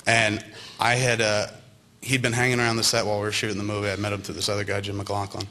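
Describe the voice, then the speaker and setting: A man's voice: fairly low pitch, fast talker. A man in his thirties telling casual, profane anecdotes to a live audience at a university event, acting out the other people in his stories. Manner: profane, animated, acts out others' lines.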